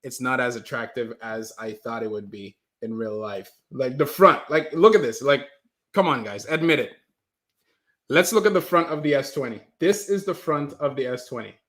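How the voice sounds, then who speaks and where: A man's voice: mid-range voice, normal speed. A man hosting a casual livestream, talking loosely, repeating himself and reading out viewer comments. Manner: animated, repeats himself, reads chat aloud. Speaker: livestream host.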